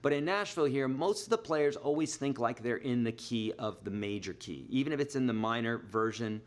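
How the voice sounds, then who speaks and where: Casting: middle-aged male guitar teacher, mid-pitched voice, chatty, explains patiently with homely examples. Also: lively intonation, brisk. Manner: chatty, explains with everyday examples, counts beats aloud. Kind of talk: live online guitar lesson. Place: Nashville.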